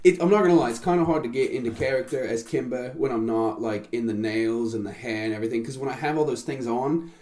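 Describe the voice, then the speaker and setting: A man's voice: medium pitch, fast. A man from Tennessee, chatting casually and profanely on a podcast. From Tennessee, US South. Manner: rambling, profane, excitable. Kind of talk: casual chat. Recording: echoey room.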